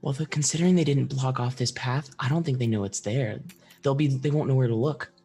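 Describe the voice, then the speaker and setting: Halting male tabletop player. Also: mid-range voice, warm tone, husky, soft background music. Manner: halting, thoughtful. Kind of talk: playing a tabletop game.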